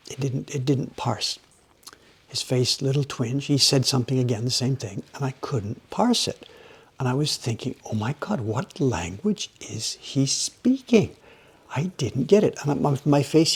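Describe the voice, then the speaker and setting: Guy with a raspy gravelly voice rambling to his stream viewers while carving woodblocks. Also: medium pitch. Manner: rambling, animated storytelling, chats with viewers. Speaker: livestream host, woodblock carver. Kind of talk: casual chat while working. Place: workshop.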